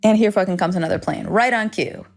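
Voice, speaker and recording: A woman's voice: medium pitch, quick pace. Candid rambling woman podcaster. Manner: candid, rambling, swears freely, self-deprecating. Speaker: podcast host. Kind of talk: solo podcast monologue. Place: home, indoors.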